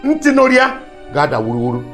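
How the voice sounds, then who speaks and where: A man's voice: on the high side, wildly swooping pitch, fast, soft background music. An actor with a Nigerian accent playing a stern king who warns and threatens a subject in a commanding way. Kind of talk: Nollywood drama acting.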